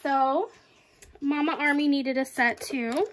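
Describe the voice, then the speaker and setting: A young woman unboxing collectibles in a casual vlog, excitable and gushing, often giggling. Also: sits high, slow pace, a little hiss or hum. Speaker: vlogger.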